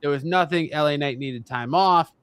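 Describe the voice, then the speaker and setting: A man's voice: fairly high pitch, moderate pace, clear, resonant tone. A man hosting a wrestling podcast, running through news and teasing his co-hosts. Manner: teasing, animated rundowns. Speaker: podcast host. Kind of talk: casual wrestling chat.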